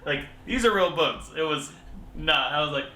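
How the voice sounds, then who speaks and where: A man's voice: fairly high pitch, lively intonation, moderate pace, pushed and bright. A young man telling travel stories in casual, jokey chat, laughing often. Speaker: travel vlogger. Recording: echoey room, faint background noise.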